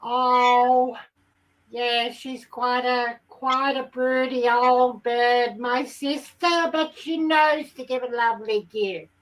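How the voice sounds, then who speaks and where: Giddy rambling hen, voiced by a woman, high and bright, slow-talking, lots of ums. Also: steady tone, distant mic, low-quality recording. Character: excitable chatty female hen. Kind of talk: comic character monologue.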